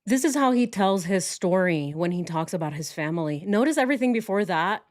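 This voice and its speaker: A woman's voice: medium pitch, animated, fairly quick. A woman hosting true crime commentary, talking sarcastically and speaking straight to her viewers. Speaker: host.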